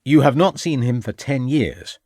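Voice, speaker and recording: A man's voice: mid-range voice, very animated, normal speed, dry recording, studio quality. A man voicing a determined Victorian police inspector who questions people formally and urgently.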